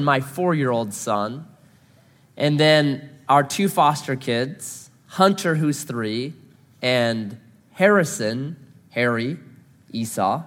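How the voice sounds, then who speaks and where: A man's voice: fairly high pitch, a bit bright, big-room sound. A man in his thirties, a pastor, telling a self-deprecating family story in a sermon.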